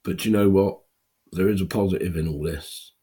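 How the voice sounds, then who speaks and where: A tearful man in his fifties speaking a raw, halting personal monologue to camera, with pauses and restarts. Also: deep voice, mellow, husky. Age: 50s. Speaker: video blogger.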